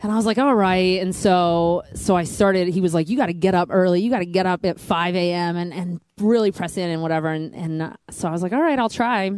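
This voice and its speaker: A woman's voice: a little fast, few pauses, darkish tone, dry recording. A woman in her thirties telling her personal faith testimony, earnest and rambling, full of "like". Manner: earnest, says "like" often, voice rises high with emotion. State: near tears. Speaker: guest, future church planter.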